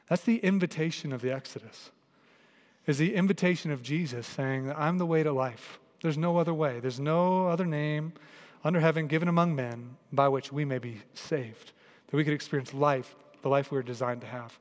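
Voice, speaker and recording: A man preaching a sermon and leading a prayer in a large church, in an earnest, repetitive cadence that grows softer in prayer. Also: on the high side, brisk. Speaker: pastor. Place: large church hall with a congregation. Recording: long reverb of a large church hall.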